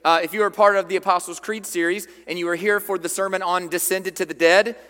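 Male pastor, emphatic sermon delivery with repetition, bright edge, long reverb from the sanctuary. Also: high voice, steady tone, quick pace. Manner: emphatic preaching, repeats key phrases, reads scripture aloud.

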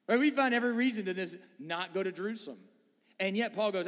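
High-voiced man preaching in a reverberant hall. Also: quick pace. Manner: animated, joking asides and acted-out voices. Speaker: pastor. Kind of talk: sermon.

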